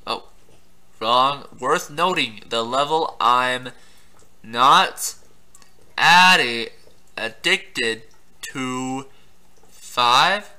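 A man's voice: medium pitch, drawn-out words, long pauses, bright, forceful tone, clean tone. A young man giving casual let's-play commentary, laughing often, swearing and yelping at surprises in the game. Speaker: gameplay commentator.

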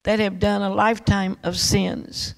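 A sorrowful male spiritual guide, quoted by a woman preacher, speaks slowly and solemnly in a gravelly voice. Each word comes out measured, like a warning. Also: medium pitch, flat delivery, low-quality recording.

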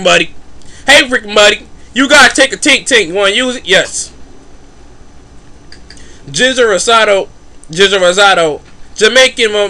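This is a man giving relaxed, off-the-cuff commentary while he plays. His voice sits high and sounds piercingly bright. He rambles through crude jokes and heavy slang in a loose, casual way. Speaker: let's play commentator.

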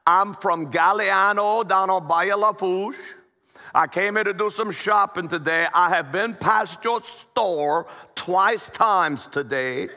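A man's voice: high-pitched, pushed and bright, long reverb tail, exaggerated voice. A man putting on an indignant Cajun lady. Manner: slow, emphatic and scolding. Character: indignant middle-aged Cajun woman shopper.

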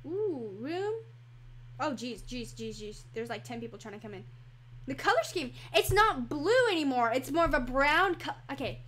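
A woman chatting casually over her computer mic while touring a game, excitable and full of fillers. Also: high-pitched. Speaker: gaming channel host. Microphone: computer microphone.

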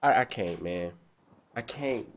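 A man reacting to a horror game, panicky and pleading, often shouting in fright. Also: on the low side, expressive, takes it slowly, vocal fry. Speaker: gaming YouTuber. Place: indoors playing VR.

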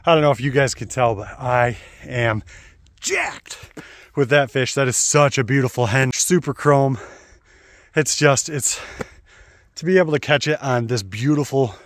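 Excited man fishing outdoors. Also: mid-range voice, a little slow, no echo, studio quality. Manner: enthusiastic, talks to viewers while fishing. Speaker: fishing vlogger. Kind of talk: excited outdoor narration to camera. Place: outdoors on a riverbank.

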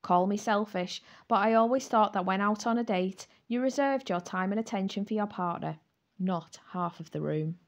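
Female narrator, mid-range voice, wry expressive read of a first-person novel. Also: mid-range voice, normal speed. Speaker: audiobook narrator.

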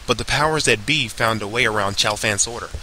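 A man's voice: lowish voice, brisk, sharp tone. Man reading aloud over a noisy hiss. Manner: stumbles and corrects himself while reading. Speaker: commentator reading an article aloud. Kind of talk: reading a news article aloud with sarcastic asides.

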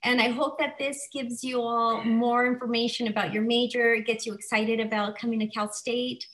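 A woman's voice: a little high, little pitch movement, normal speed, a bit bright, rough recording. A woman hosting an online college info session, upbeat and encouraging as she answers questions. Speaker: event host.

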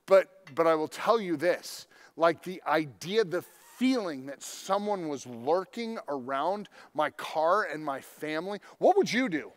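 A man preaching a sermon with a slightly higher-than-usual voice. He talks like he's telling friends a story, easy and chatty. Then he punches key lines with sudden loud emphasis. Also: expressive, a little slow, few pauses. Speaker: pastor.

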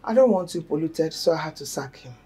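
A bossy nigerian mom, low husky voice, lectures a lot. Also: female voice, expressive, a little fast, mellow, exaggerated voice. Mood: stern. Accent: Nigerian English. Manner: stern, lecturing. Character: stern wealthy mother, controlling. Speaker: mother.

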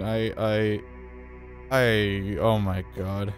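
An excitable man playing through a role-playing game, reading the characters' lines aloud and commenting as he goes. His voice is mid-pitched but swings widely, leaping high when he is alarmed. Faint music plays behind him. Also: normal speed. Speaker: let's play host.

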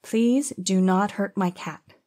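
A man's voice: normal speed, dry recording, studio quality. A man voicing a scared but firm young woman. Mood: pleading. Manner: soft raised pitch, careful pleading delivery. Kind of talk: audiobook character voice.

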